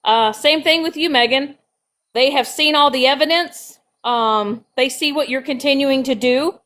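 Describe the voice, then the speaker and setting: A woman with a high, bright voice hosts a live stream rant, blunt and profane. She calls out her critics head-on, with sharp, ringing tones and no softening. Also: normal speed.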